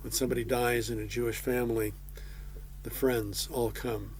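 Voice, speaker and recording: A man's voice: medium pitch, little pitch movement, moderate pace, a little hiss or hum. A man preaching a conversational sermon, folksy with casual asides.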